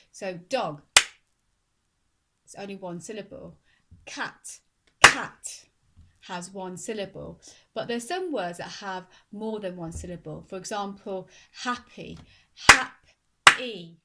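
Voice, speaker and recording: A primary school teacher with a mid-range voice leads young children through a phonics lesson. She speaks slowly and clearly, sounding out words syllable by syllable.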